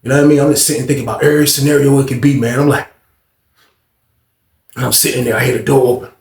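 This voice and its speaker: A man telling a story casually, animated and slangy, with lots of profanity and fillers. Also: mid-range voice, racing. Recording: roomy echo.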